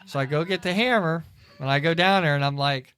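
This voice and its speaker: A man's voice: a little high, fairly quick, fairly bright tone, clear, resonant tone. A middle-aged man on a church podcast tells a long, rambling family story in casual chat, acting out the people he quotes. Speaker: podcast co-host.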